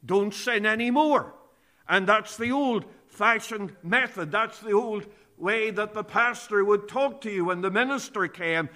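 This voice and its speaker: Bright, high-voiced male preacher. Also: measured pace. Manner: earnest, emphatic, quotes scripture verbatim. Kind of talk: sermon.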